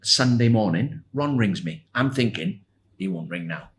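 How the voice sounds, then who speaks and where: A man in his sixties, a former footballer, telling animated anecdotes as a podcast guest and laughing as he goes. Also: fairly low pitch, measured pace. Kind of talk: anecdotal storytelling.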